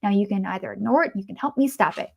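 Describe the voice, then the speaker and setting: A grave male psychiatrist, as a woman puts him on, speaking in a put-on accent. He delivers his warnings slowly and solemnly, as if every word were a dire prophecy. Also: mid-range voice, vocal fry, darkish tone, husky. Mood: ominous.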